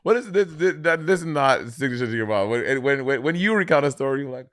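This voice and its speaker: A man's voice: mid-range voice, lively intonation, fast talker, few pauses, a bit bright, no echo, studio quality. A man in his thirties co-hosting a podcast, chatting casually and teasing his partner. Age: 30s. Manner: teasing, laughs often. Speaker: podcast co-host. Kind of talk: casual chat.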